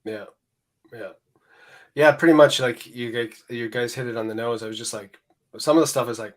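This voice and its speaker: A man's voice: mid-range voice, steady tone, normal speed, pauses often. A man who has joined as a guest on a casual pop culture show, joking and agreeing with the hosts. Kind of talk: casual chat.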